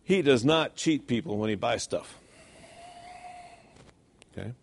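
A man preaching a sermon in a church, animated and rhetorical, often checking in with "okay?". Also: mid-range voice, unhurried. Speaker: pastor.

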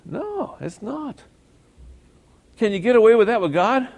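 A man's voice: very high voice, big pitch swings, measured pace, vocal fry. A man preaching a sermon in a conversational way, firing off rhetorical questions and correcting himself as he goes.

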